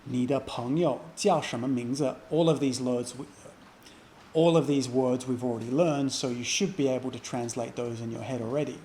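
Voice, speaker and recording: A man teaching a beginner language lesson, explaining slowly and repeating example phrases with care. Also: medium pitch, fairly even intonation, warm tone, a little hiss or hum. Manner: slow, careful repetition of example phrases.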